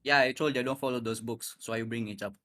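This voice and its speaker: A man's voice: mid-range voice, fairly even intonation, fast talker, a bit bright. A man calling into a heated religious debate, insistent, demanding proof and reading verses aloud.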